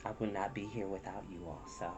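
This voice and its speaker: A man hosting a storytime channel, talking candidly and emotionally to his viewers, soft-spoken and close to tears, with many pauses. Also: low-pitched, fairly even intonation, very noisy. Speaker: storytime reader. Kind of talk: candid personal talk to viewers.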